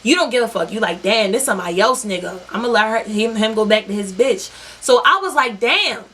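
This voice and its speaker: A young woman vlogger telling a storytime tale in an animated, profane, slangy way. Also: fairly high pitch, a little fast. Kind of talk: storytime vlog.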